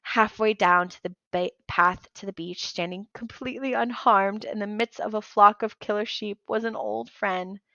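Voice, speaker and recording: A woman reading a novel aloud in an expressive, lively storytelling manner. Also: medium pitch, normal speed, hardly any pauses, dry recording, dull audio. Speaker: audiobook reader.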